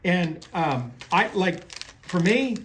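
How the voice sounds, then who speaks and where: High-voiced rambling fishing man. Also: animated, takes it slowly, a bit bright. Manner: rambling storyteller, many restarts, folksy phrasing. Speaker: fishing guide and tackle presenter. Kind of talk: casual talk on crappie fishing.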